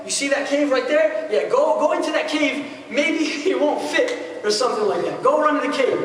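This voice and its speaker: A man's voice: very high-pitched, fairly bright tone, a little hiss or hum. A man giving a storytelling sermon as an imam, acting out the characters with casual slang. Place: mosque hall. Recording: echoey hall from far off.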